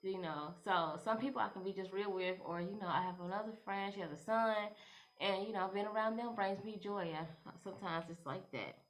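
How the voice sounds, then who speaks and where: A woman's voice: mid-range voice, brisk. A young woman, giving advice to camera in a rambling, casual vlog style full of "you know" fillers. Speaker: vlogger.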